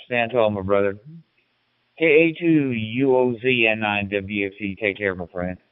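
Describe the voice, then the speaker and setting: A man's voice: on the low side, measured pace, no room sound. A middle-aged man from Illinois, an amateur radio operator chatting casually in a folksy, rambling way, repeating his words. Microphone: radio transceiver mic. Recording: narrow, dry radio transmission.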